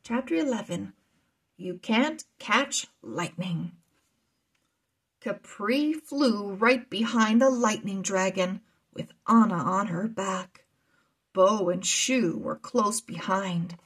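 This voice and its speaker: Slow, husky woman reading a children's story. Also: mid-range voice, fairly bright tone. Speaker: children's book reader. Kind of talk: reading aloud a children's chapter book.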